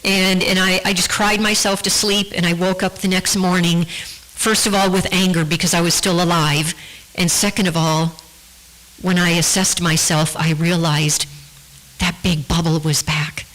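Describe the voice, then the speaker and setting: A woman giving a personal testimony in church, speaking earnestly and haltingly, often restarting her sentences. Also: fairly low pitch, flat delivery, a bit bright, rough recording. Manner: earnest, halting, with frequent repeated starts. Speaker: guest speaker.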